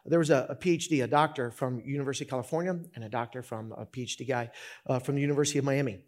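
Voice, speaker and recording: A man preaching a sermon as pastor, talking in an animated, conversational way with many restarts. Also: medium pitch, rapid-fire.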